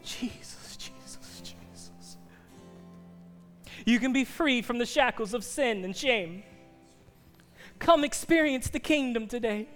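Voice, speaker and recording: A man preaching an altar-call sermon, earnest and pleading, sometimes dropping to soft near-whispers. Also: extremely high pitch, expressive, unhurried, in a large hall, faint music behind. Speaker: pastor.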